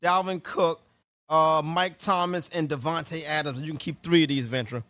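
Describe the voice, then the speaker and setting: A man's voice: on the high side, fairly even intonation, bright, forceful tone, dry recording. Upbeat male radio host, dry studio. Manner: quick, upbeat, directs the panel. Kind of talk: fantasy football call-in talk.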